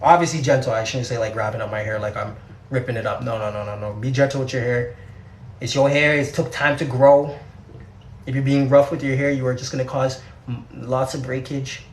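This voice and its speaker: A man's voice: mid-range voice, fairly even intonation, brisk. A young Canadian man with a Canadian accent, chatting casually during a hair tutorial livestream. He is laid-back and slangy and repeats his words. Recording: echoey room.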